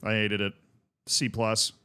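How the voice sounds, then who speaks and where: A man's voice: fairly low pitch, level tone, unhurried, pushed and bright, smooth. A man streaming a game, chatting casually with viewers in rambling, jokey asides. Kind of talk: casual gaming stream chat.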